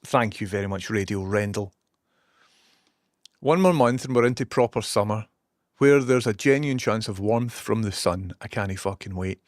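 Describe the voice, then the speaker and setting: Chatty low-voiced Scottish man. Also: moderate pace, no echo, studio quality. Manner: rambling and chatty, reads out viewer messages, swears casually. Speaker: streamer. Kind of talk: casual live-stream chat. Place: small room in a basement, curtains shut.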